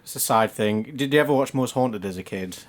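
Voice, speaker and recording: A man from England co-hosting a podcast, chatty and quick to laugh in casual talk. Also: medium pitch. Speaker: podcast co-host.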